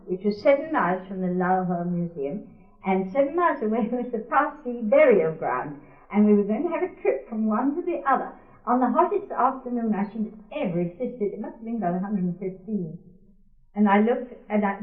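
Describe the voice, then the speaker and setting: An older woman recounting a personal memory for an oral history, wry and often laughing as she quotes others. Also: mid-range voice. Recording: tinny, echoey archival tape.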